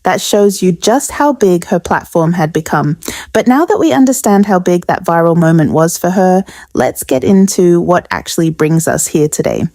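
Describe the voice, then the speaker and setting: A woman host delivering scripted, measured narration for a commentary channel. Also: fairly low pitch, animated, a little mellow, no echo, clean studio sound.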